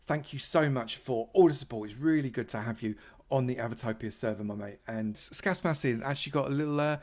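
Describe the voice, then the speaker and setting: A man talks casually over his Minecraft gameplay. He is playful and chatty, teasing and thanking his supporters, with a middle-pitched voice. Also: fairly quick, a little mellow. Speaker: Minecraft YouTuber.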